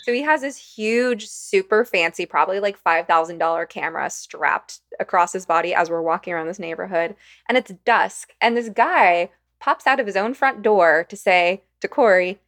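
A woman's voice: mid-range voice, moderate pace, fairly bright tone. A woman hosting a podcast interview, responding in a thoughtful, conversational way. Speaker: podcast host.

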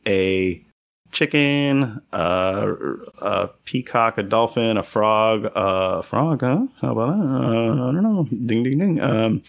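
A man's voice: fairly low pitch, animated, takes it slowly, gravelly. A man hosting a podcast in casual chat, rambling with many fillers and giggling. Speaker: podcast host. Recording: lo-fi podcast audio.

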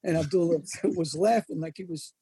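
Guesting on an interview, this older wrestling photographer and magazine editor spins lively tales from the road, performing the quoted voices himself. His voice is on the high side with a breathy edge, normal speed and no echo.

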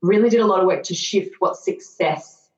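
A woman's voice: mid-range voice, a crowd in the background. Thirtysomething woman sharing her story, earnest with wry sarcasm, a bit dull and roomy sounding. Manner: earnest, reflective, quick to self-mocking sarcasm. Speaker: podcast guest. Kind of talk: candid personal storytelling.

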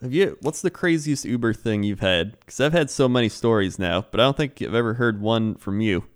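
A man's voice: on the low side, brisk. A young man co-hosting a casual podcast, telling stories in a laid-back way and laughing easily. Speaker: podcast co-host. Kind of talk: casual chat, storytelling.

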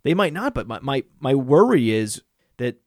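A man in the middle of his register co-hosts a casual podcast, excitable and quick to reel off long lists of names and figures. He pokes fun at himself as he goes. The sound is dry and close, with no room around it. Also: medium pitch, no echo. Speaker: podcast co-host.

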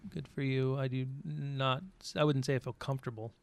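A man's voice: medium pitch, flat delivery, brisk, creaky. A man chatting casually through a questionnaire, with dry teasing one-liners. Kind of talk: casual chat, answering a questionnaire together.

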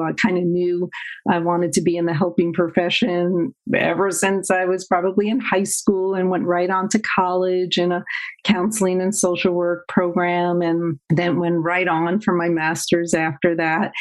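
A woman's voice: fairly low pitch, low-quality recording. An older woman, a therapist guest telling her story in an interview, with frequent laughs and fillers. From Queens, New York. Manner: warm, laughs often, many fillers.

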